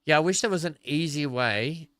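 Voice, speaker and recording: An Australian man talks his way through a building game, trailing off and thinking aloud as he goes. His voice is bright and crisp, recorded close and dry with faint music underneath. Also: on the high side, moderate pace, no room sound. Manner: rambling, thinking aloud while playing. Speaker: gaming video creator. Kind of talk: casual gameplay commentary.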